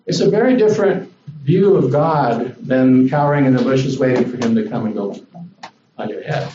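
A man preaching a sermon to a congregation as a visiting speaker, in a relaxed, conversational way that rises when he voices the lines he quotes. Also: medium pitch, normal speed, roomy sound, distant mic, lo-fi sound, noisy background. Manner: conversational, animated when voicing God. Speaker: guest preacher.

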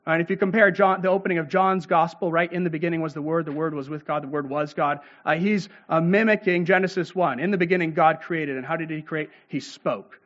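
A man delivers an expository sermon, stopping often to explain scripture. He has a fairly high voice and fills his pauses with "uh" and "right?". The recording is dull and lo-fi. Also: steady tone, fairly bright tone. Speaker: pastor.

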